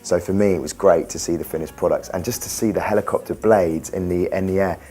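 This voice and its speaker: A man's voice: sits low, fairly even intonation, fast talker, dark tone. A young man in a pop band, talking earnestly and rambling in an interview. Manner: earnest, rambling, many restarts. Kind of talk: interview talk. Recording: music playing behind. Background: faint music.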